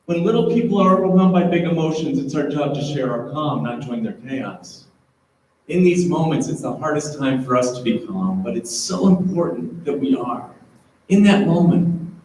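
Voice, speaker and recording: A male presenter giving a relaxed, conversational talk to a room of parents. He keeps checking in with the audience with an easy "right?". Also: a little high, normal speed. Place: school auditorium. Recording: echoey hall, voice from far off, faint hum.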